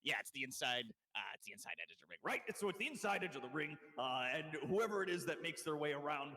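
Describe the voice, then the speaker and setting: A man's voice: on the high side, lively intonation, fast talker, sharp tone, big-room sound, voice pushed up. A man voicing a brash male orc arena announcer with tusks, in showy sports-announcer patter. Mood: hyped.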